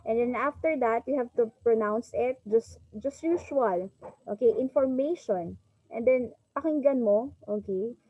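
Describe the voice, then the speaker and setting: A woman's voice: on the high side, mellow, no room sound, highs cut off. Filipino woman teaching an online class. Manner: mixes English and Tagalog, drawn-out model words. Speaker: English teacher. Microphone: video call.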